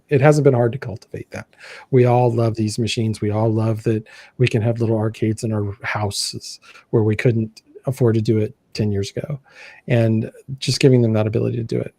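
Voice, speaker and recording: A man's voice: mid-range voice, vocal fry, mellow, dry recording. An American man hosting a live online chat, talking casually and rambling as he corrects himself. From United States. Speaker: livestream host.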